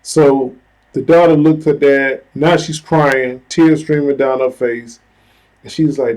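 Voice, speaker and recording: A man's voice: medium pitch, slow pace, rough recording. A man vlogging, telling a personal story in an earnest, conversational way, full of "you know" and "like". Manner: conversational, heavy use of "you know" and "like" fillers; earnest, retelling a story with lively asides.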